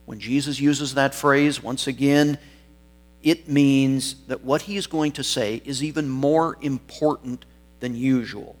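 A man's voice: medium pitch, fairly even intonation, a little slow. A man preaching an expository sermon, reading scripture and stressing key words, once correcting himself mid-sentence.

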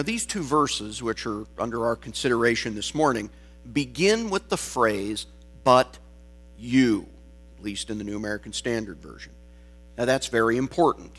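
A man delivers a sermon at an unhurried, measured pace, leaning on key words for emphasis. His voice sits at an ordinary pitch for a man. A faint electrical hum runs under the recording. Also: fairly bright tone. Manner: slow, deliberate preaching with emphatic stresses. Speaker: pastor.

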